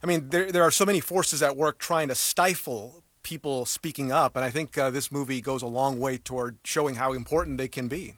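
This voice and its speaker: A man hosting a radio interview, asking measured, conversational questions. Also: mid-range voice, fairly bright tone, dry recording.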